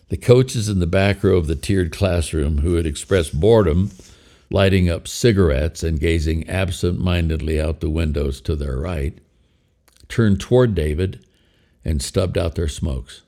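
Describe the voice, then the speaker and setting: An older man narrating a memoir in a measured storytelling way. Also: low-pitched, creaky, warm tone.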